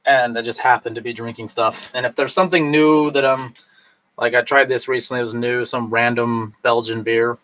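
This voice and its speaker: A man's voice: medium pitch, steady tone, normal speed, fairly bright tone. A man chatting casually on a live stream while drinking, rambling and tipsy, with lots of fillers and restarts.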